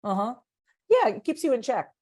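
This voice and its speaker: A woman's voice: fairly high pitch, fairly quick. A woman guest on a podcast talking casually and with energy, often repeating words as she builds a point. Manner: animated, repeats words when excited; coaches herself out loud. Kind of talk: casual conversation.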